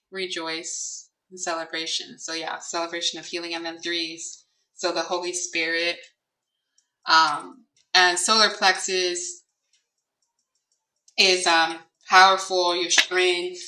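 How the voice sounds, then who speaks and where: A woman's voice: lowish voice, sharp tone. A woman giving a casual card reading, musing and hesitant, speaking aloud to Spirit with many fillers. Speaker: tarot and oracle card reader. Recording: echoey room, distant mic, faint noise.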